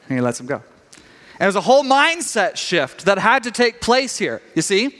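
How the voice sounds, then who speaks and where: A middle-aged man preaching a sermon, telling a story with animated quoted voices. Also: high voice, normal speed. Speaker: pastor. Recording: long reverb of a large hall.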